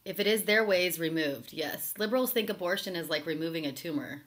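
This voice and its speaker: Woman, live-stream host, somewhat low voice, casual, sarcastic, chatty. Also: a little fast, fairly bright tone. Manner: sarcastic, chatty, reacts to viewer comments. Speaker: talk show host reading live chat.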